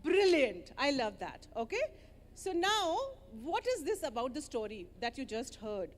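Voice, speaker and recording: A woman leading children through an interactive story, animated and coaxing as she gives playful directions. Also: sits high, measured pace, big-room sound.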